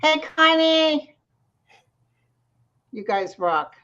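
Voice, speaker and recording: Higher-voiced woman guest, rambling and chatty, heard through muffled video-call audio. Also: sing-song, very slow, bright, forceful tone. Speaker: guest psychic. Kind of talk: casual chat over a video call.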